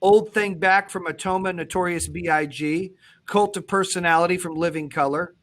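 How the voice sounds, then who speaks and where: Man, podcast host, slightly high pitch, blunt, profane, fired-up. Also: steady tone, normal speed. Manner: blunt, profane, fired-up, swings from loud to low. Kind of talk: intense motivational podcast talk.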